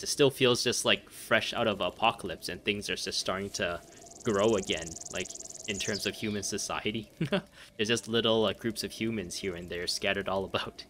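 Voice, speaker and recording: A man's voice: fairly low pitch, sharp tone, slight background noise. A man giving casual let's play commentary, rambling and easily distracted, laughing often as he plays. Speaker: gameplay commentator.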